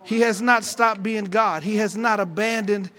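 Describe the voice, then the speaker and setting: Fervent male preacher, very high and bright voice, repetitive call-and-response delivery, AAVE flavor. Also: steady tone, normal speed. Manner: preaching with call-and-response fervor, repeats phrases. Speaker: pastor. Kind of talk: sermon.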